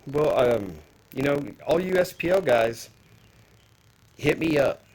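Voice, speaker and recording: A man's voice: on the high side, lively intonation, slow, a little mellow, low-quality recording. A man out of breath, chatting casually to viewers while walking around a car outdoors and talking about his plans for it. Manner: rambling, plain-spoken, addresses viewers as guys. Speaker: car audio vlogger. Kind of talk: casual walkaround vlog.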